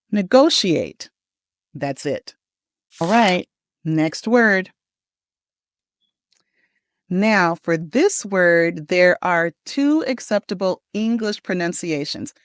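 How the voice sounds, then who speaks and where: A woman's voice: on the low side, lively intonation, dry recording, clean studio sound. Encouraging American woman coaching pronunciation. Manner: upbeat, encouraging, slow deliberate model words. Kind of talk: pronunciation lesson with repeat-after-me drills.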